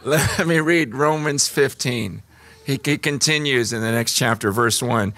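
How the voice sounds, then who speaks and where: A man preaching a sermon, moving between hushed, slow passages and animated, emphatic stretches. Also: mid-range voice, dry recording. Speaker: pastor.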